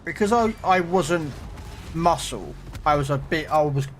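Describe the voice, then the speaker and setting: A man's voice: fairly high pitch, unhurried, slight background noise. A middle-aged British man streaming a game, chatting casually in a rambling way full of fillers and restarts. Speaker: gaming streamer. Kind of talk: casual chat.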